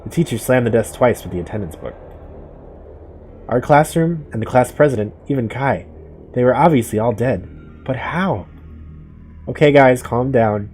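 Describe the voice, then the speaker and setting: A man's voice: mid-range voice, lively intonation, moderate pace, long pauses, darkish tone, faint music behind. A young man playing a horror game, reading the story aloud and cracking casual jokes between lines. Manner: casual, joking asides between dramatic read-outs. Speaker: gamer. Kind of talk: let's play commentary, reading game text aloud.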